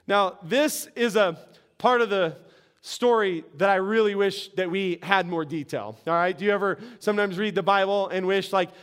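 A male pastor preaching a sermon, telling stories in a lively way and acting out the people in them. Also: high-pitched, moderate pace, clear, resonant tone. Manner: animated storytelling, acts out characters.

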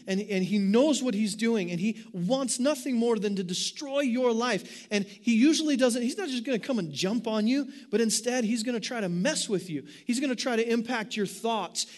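High-voiced man preaching a lively sermon. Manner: animated preaching with rhetorical questions. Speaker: pastor.

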